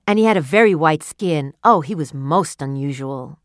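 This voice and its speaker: A woman's voice: sits low, expressive, moderate pace, no echo, clean studio sound. A woman voicing an eager, wondering alien wife who tells of a strange dream, in a read-aloud story. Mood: excited.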